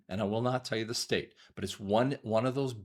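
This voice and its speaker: A man, an audiologist, giving a rambling monologue commentary to his viewers, often repeating words, restarting sentences and clearing his throat. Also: on the low side, moderate pace, a bit bright.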